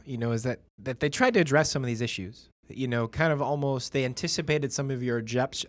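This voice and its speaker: A young adult man co-hosting a casual podcast discussion, agreeable and chatty, with many fillers. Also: medium pitch. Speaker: podcast co-host.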